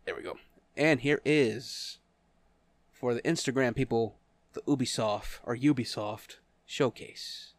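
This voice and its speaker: A man's voice: mid-range voice, unhurried, long pauses, no room sound. A man co-hosting a live podcast, chatting loosely and laughing often. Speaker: podcast co-host. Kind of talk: casual live-stream chat.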